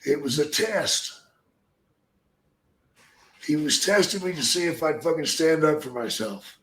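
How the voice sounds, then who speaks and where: An older man tells stories on a podcast in a blunt, profane way. His voice sits a bit high for a man, and it carries a roomy echo. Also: expressive, a little slow, fairly bright tone. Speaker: podcast host, former wrestler. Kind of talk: casual storytelling.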